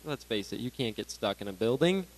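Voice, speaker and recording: A man in his twenties giving a sermon to graduates, animated, swinging between loud bursts and hushed asides. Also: medium pitch, a little fast, low-quality recording. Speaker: graduation speaker.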